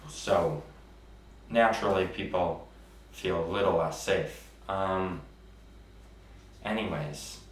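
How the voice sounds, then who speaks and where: A man's voice: deep voice, slow, pauses often. A man hosting a comedy show, hesitant and filler-heavy, recorded distant in a noisy, roomy space. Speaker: host.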